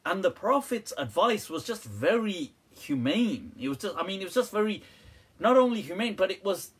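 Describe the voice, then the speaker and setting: A man's voice: sits high, very animated, normal speed, slightly rough. A man answering viewer questions on a live stream, teasing, joking and laughing often.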